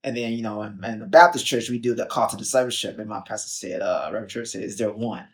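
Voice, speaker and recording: Talking at a quick pace in a lowish voice, a young man from Chicago tells his story on a podcast. He keeps it casual and animated, acting out the quotes and filling pauses with "like" and "um."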